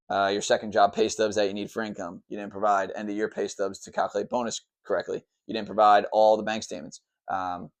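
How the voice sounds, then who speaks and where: A man in his thirties, a loan officer, explaining the mortgage process in a blunt, chatty way with sarcastic asides. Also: lowish voice. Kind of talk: casual explainer talk to camera.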